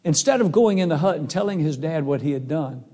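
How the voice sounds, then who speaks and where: A man's voice: fairly high pitch, expressive, fairly quick, warm tone. A man preaching a sermon and telling stories in an earnest, folksy way. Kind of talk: sermon with storytelling. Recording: long hall reverb.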